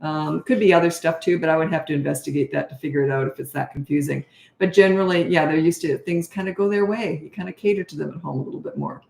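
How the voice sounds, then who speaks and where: A woman's voice: low-pitched, fast talker, creaky, a little mellow, roomy sound. A middle-aged woman, a parenting coach, chatting and rambling casually on a live-stream Q&A, self-deprecating.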